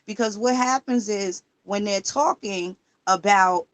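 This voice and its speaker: A woman's voice: medium pitch, measured pace. A woman livestreaming in casual talk, emphatic and profane, firing rhetorical questions while she searches records online. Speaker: livestream host.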